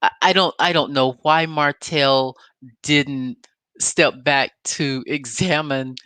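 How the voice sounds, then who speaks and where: A woman's voice: deep voice, a bit bright, no room sound. A woman vlogger giving a casual, emphatic recap of a reality show episode, telling it like a story.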